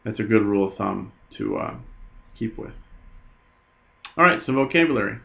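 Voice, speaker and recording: A man teaching a Greek grammar lesson, explaining in an unhurried way with frequent "uh" fillers. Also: fairly low pitch, expressive, gravelly, lo-fi sound.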